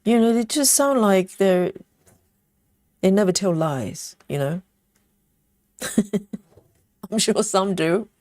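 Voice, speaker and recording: A woman's voice: medium pitch, slow pace, long pauses, darkish tone, no echo. A woman hosting a cross-stitch livestream, chatting casually, reading viewer comments and counting stitches, with lots of fillers. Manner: many fillers and self-interruptions. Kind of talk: casual chat while stitching live.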